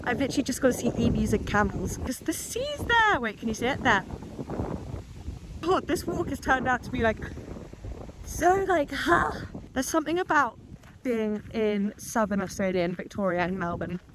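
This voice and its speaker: A woman of twenty talking casually to camera in a vlog, chatty and excitable, with lots of fillers and exclamations. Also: fairly high pitch, brisk, background noise. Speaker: vlogger. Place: outdoors on a walk and indoors at home.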